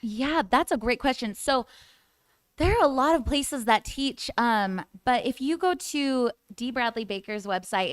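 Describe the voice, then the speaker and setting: A woman voice actor chats loosely on a convention panel, rambling a little and laughing often. Her voice sits a touch high and rings clear. The sound is close and dry. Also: expressive, measured pace, no room sound. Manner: chatty, scattered, laughs often. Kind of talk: casual panel chat.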